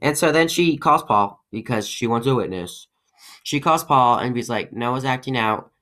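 A man hosting a podcast, telling a personal story in a rambling, halting way, full of fillers and restarts. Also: mid-range voice, animated, a bit bright. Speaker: podcast host.

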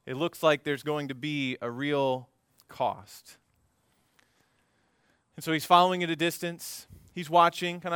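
A pastor preaching a conversational sermon to a congregation, telling the story with lively asides and humor. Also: male voice, a little high, a little slow, pauses often, clear, resonant tone, no room sound, clean studio sound. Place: church service before a congregation.

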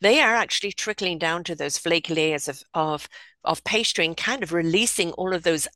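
A woman's voice: fairly low pitch, normal speed, bright, forceful tone, no echo. A woman in casual conversation, talking in a reflective way and often acting out inner voices. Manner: reflective, uses pastry metaphors and acted inner voices.

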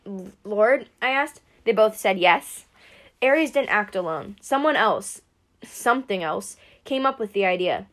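A woman reading a first-person story aloud at a steady pace, with occasional slips. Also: medium pitch, a little slow. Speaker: reader.

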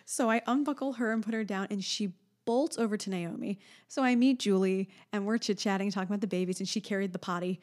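A woman in her thirties telling a long family story in a casual chat, animated and acting out the people she quotes. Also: fast talker. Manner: animated storyteller, acts out a toddler's high voice. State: pregnant.

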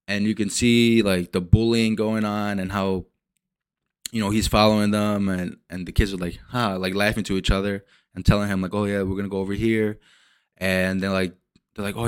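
A man hosting a podcast, recapping a movie in a casual, rambling way, swearing often and acting out characters' lines in quick asides. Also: fairly low pitch, clean tone. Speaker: podcast host.

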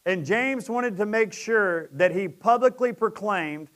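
Man, pastor, sermon, high voice, middle-aged, conversational with emphatic peaks. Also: lively intonation, a little slow, fairly bright tone.

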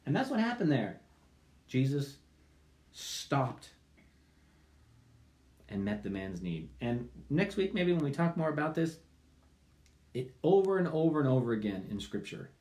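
A man pastor preaching a sermon, animated and acting out the people in his story with loud pleading cries and quiet muttered asides. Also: mid-range voice.

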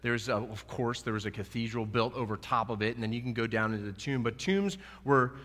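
A pastor preaches with earnest conviction and acts out scripture lines as he explains them. His voice is bright and forceful, in a middle register. It rings with the long reverb of a hall. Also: medium pitch, a little fast. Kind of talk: sermon.

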